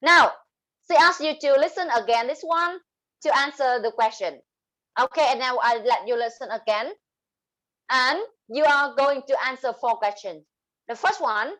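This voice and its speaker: A woman with a Vietnamese accent teaching an English speaking class, explaining terms and slowly modeling example sentences. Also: high voice, a bit bright, poor audio. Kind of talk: online class lesson.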